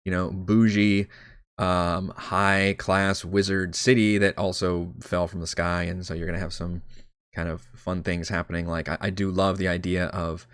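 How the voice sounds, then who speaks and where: A man's voice: deep voice, flat delivery, normal speed, fairly bright tone, smooth, no room sound, clean studio sound. A man preparing his tabletop game on a live stream, talking casually, rambling and correcting himself. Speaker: dungeon master.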